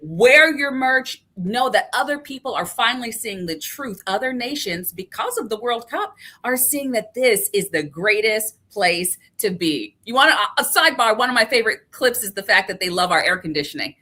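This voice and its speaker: A woman's voice: fairly high pitch, sing-song, moderate pace, few pauses, sharp tone. A woman co-hosting a casual commentary chat, enthusiastic and emphatic. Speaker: co-host.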